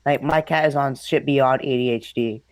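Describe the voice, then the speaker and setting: A man's voice: medium pitch, steady tone, moderate pace, clean tone, no room sound. A young man casually telling a spooky childhood story, rambling, swearing a lot and laughing often. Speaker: host.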